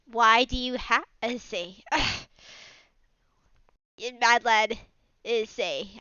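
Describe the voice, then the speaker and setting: Woman tabletop player, rambling narration, crisp high voice, dry slightly dull sound. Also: drawn-out words, pauses often, pushed and bright, no echo. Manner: rambling, many fillers and restarts in narration. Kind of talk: casual tabletop role-play.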